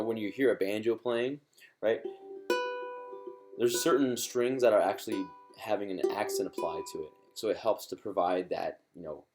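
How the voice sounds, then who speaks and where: A man teaching ukulele in a live-streamed lesson. He is encouraging and chatty, with many fillers and restarts. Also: deep voice.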